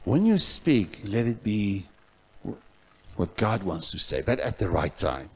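A male pastor from South Africa preaching a sermon in a church, telling a story with loud outbursts that drop to soft asides. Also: on the low side, very animated, takes it slowly, slightly rough.

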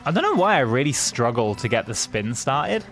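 Man, playful game streamer, bouncy animated pitch. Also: moderate pace, faint music behind. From Austria. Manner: playful, chatty. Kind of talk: casual gaming chat.

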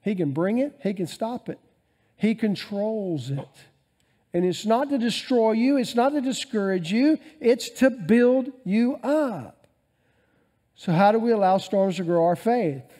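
Animated pastor, high mellow voice. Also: male voice. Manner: animated preaching, swings between loud emphasis and quiet asides. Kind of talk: sermon.

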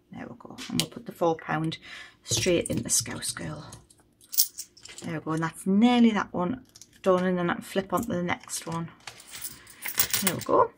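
A woman's voice: on the low side, slight background noise. A woman chatting casually on a budgeting vlog, thinking aloud as she counts money. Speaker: budgeting vlogger. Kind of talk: casual chat while cash stuffing.

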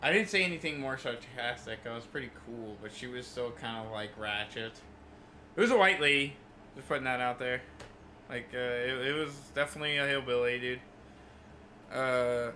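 A man's voice: mid-range voice, moderate pace, long pauses, pushed and bright, a little hiss or hum. A young man livestreaming, telling an exasperated, profane story about a rude customer in a casual rant full of fillers.

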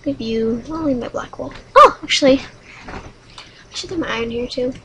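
A woman hosting a solo game video, chatting dramatically with sudden high squeals. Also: normal speed, bright, forceful tone, a little hiss or hum, poor audio. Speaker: gaming channel host.

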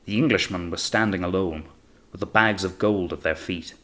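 A man reading an audiobook as narrator in a steady, measured way. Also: low-pitched. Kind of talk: scripted narration.

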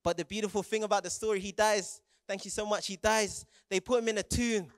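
A man's voice: high-pitched, fairly even intonation, brisk, slight background noise. A young adult man preaching a dramatic sermon to young people, retelling scenes vividly with stammered restarts and prompts for the audience to join in.

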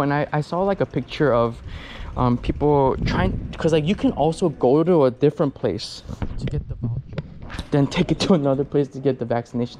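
A man's voice: mid-range voice, noisy background. Rambling man vlogging from a bicycle. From United States. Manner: rambling, many fillers and restarts. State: out of breath. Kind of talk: casual chat while cycling. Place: outdoors on city streets, riding a bicycle.

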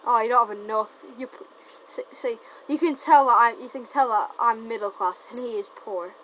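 A woman giving casual, teasing gameplay commentary, excitable and often stumbling over her words. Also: a little high, moderate pace. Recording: dull lo-fi recording with faint noise.

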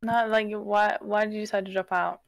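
A young woman chats casually, hesitant and soft-spoken. Her voice has a gravelly fry. The recording is close and dry. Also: medium pitch, steady tone, brisk, dry recording. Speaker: date guest. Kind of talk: casual chat.

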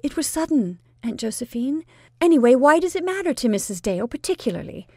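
A woman voicing a shy, humiliated young woman who talks hesitantly and quietly. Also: high-pitched, very animated, fairly quick, no room sound, clean studio sound, voice pushed up, heavily acted. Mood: nervous.

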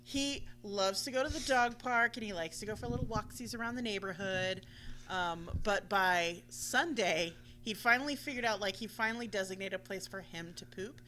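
Bright-voiced woman telling a story. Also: mid-range voice, normal speed. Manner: animated, swears freely, acts out voices in quotes. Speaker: radio show co-host. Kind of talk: casual storytelling chat.

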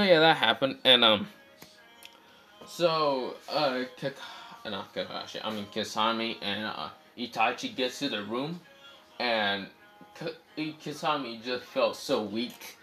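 A man telling an improvised fan story off the cuff, rambling and full of fillers, with frequent swearing and quick self-corrections. His voice is bright and sits at an ordinary pitch.

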